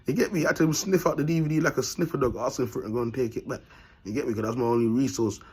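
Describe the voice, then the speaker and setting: A man's voice: mid-range voice, racing, a little mellow, breathy edge. A man, vlogging in a blunt, rambling monologue full of street slang and frequent laughter. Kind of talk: casual monologue to camera.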